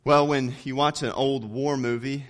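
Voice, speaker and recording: A man preaching a sermon, reading scripture and building to loud emphatic peaks before dropping low on key words. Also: steady tone, moderate pace.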